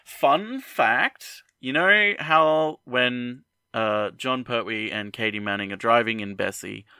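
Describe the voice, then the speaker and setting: Bright dry-voiced man sharing fun facts. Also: medium pitch, slow pace, clean tone, no room sound. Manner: chatty, fillers, shares fun facts with laughs. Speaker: podcast co-host. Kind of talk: casual chat with trivia.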